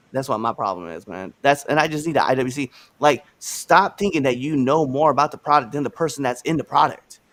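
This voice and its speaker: A man co-hosting a casual wrestling podcast livestream from home over a video call, ranting in an animated way and swearing freely. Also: a little high. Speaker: podcast co-host.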